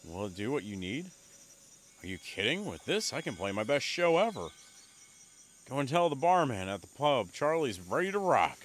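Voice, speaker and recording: A man's voice: medium pitch, very animated, moderate pace, a little hiss or hum, natural voice. A man reading aloud as a cheerful male musician in a video game, with a chipper, showy delivery.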